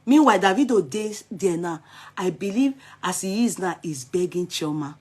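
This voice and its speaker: A Nigerian woman with a Yoruba accent giving animated, scolding commentary in a casual vlog. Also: fairly low pitch, moderate pace, slightly rough.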